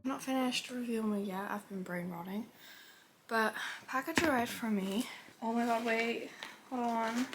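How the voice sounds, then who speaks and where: Expressive young woman gushing about books. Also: on the high side, background noise. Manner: expressive, swears freely, gushing and exasperated. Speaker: book vlogger. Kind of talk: casual reading vlog.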